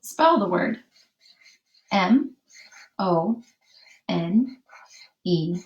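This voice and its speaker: A woman teaching a guided spelling lesson, dictating words slowly and spelling them out letter by letter. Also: fairly low pitch, sing-song, darkish tone, highs cut off.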